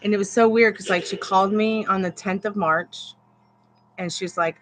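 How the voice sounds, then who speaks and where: A woman's voice: mid-range voice, steady tone, moderate pace, a bit bright, a little hiss or hum, low-quality recording. A woman in her thirties, a tarot reader on a live stream, rambling through personal stories and calling out to spirits in casual chat. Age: 30s. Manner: rambling storyteller who talks to spirits.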